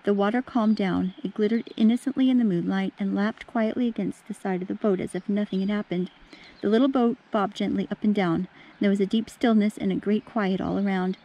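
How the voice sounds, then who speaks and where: Woman teacher, storybook read-aloud, animated, warm mellow tone, talks to the kids. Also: mid-range voice, fairly quick, dull audio. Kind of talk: reading a storybook aloud to children.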